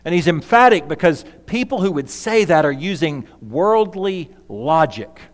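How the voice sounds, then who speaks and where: A man preaching a sermon as pastor, emphatic, swinging between loud and hushed. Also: a little high. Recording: long reverb of a large hall.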